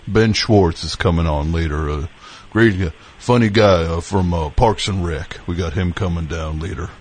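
A man voicing a folksy down-home country podcast host who rambles with drawn-out filler words. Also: low voice, slight background noise, pitched below the performer's own voice, close to an everyday voice. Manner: drawling, rambling, full of "boy" and "uh".

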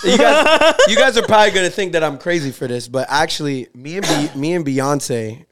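A man's voice: a little high, expressive, a little fast, a bit bright. A man guesting on a casual podcast, cutting in with playful jokes.

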